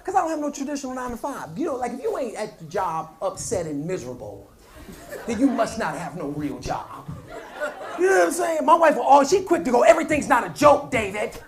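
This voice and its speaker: A man doing a stand-up set, telling family stories with animated delivery and acting out quarrels. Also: very high voice, a little fast, crowd noise. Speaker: stand-up comedian. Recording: live club set with audience laughter.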